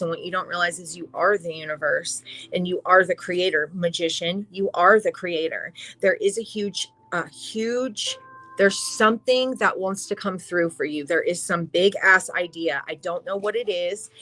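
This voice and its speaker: A woman giving a casual tarot reading in a profane, rambling and energetic way. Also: on the low side, rough recording. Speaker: tarot reader.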